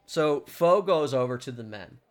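A man's voice: medium pitch, moderate pace. Casual male game master narrating. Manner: casual, lively narration with many "like"s.

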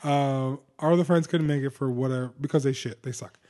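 A man co-hosting a podcast, telling stories in a casual, animated and profane way with quick asides. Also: medium pitch. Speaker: podcast co-host. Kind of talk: casual chat.

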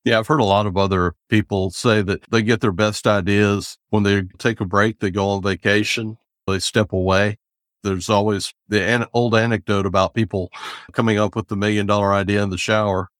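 Man, podcast host, easygoing, low voice, dry sound. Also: fairly even intonation, moderate pace, fairly bright tone, no room sound. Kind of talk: interview questions.

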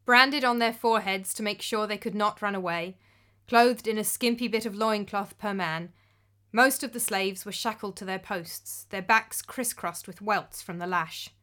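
A woman giving measured, descriptive scripted narration of a story. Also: mid-range voice, sharp tone.

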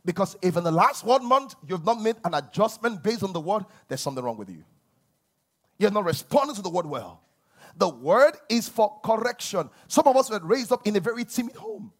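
A man preaching a sermon as a pastor, swinging between loud emphasis and quiet asides. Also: high-pitched, animated, a little fast.

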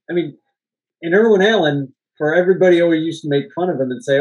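This movie podcast co-host has a higher, slightly mellow voice and speaks fast, though the recording is muffled. His casual talk drifts through behind-the-scenes anecdotes, with frequent laughter and the odd curse word.

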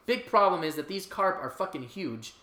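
A woman co-hosting a casual comedic chat, from Chicago, loud and profane as she riffs. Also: fairly low pitch, very animated, moderate pace, a loud crowd. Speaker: podcast co-host. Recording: echoey room.

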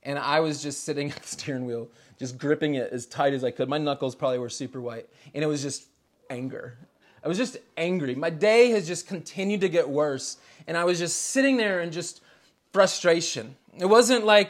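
A man's voice: a little high, normal speed. Chatty man preaching a casual sermon. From United States. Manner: chatty, storytelling, chuckles often between phrases. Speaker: pastor.

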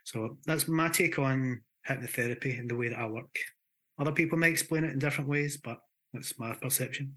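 Scottish male therapist guest, crisp bright voice, animated talker. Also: medium pitch, a little fast. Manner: animated, explains with acted examples and restarts. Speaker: hypnotherapist guest. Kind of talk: conversational explanation.

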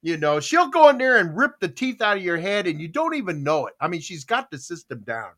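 A man's voice: high-pitched, big pitch swings, fairly quick, sharp tone. A man hosting a casual podcast, telling jokey stories and laughing at his own bits. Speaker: podcast host. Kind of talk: casual chat.

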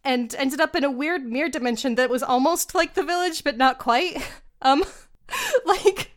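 A woman's voice: high-pitched, sing-song, normal speed. A young woman co-hosting a podcast, chatting casually about a film, giggly and full of slang and fillers. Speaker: podcast co-host. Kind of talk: casual chat reviewing a film.

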